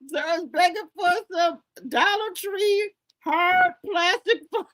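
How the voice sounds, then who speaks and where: A woman's voice: extremely high pitch, slow pace, a bit bright. A woman reacting to an interview clip with dramatic disbelief, cursing freely and talking straight to her viewers. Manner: dramatic and incredulous, jumps from shrieks to muttered sighs. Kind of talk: animated reaction commentary.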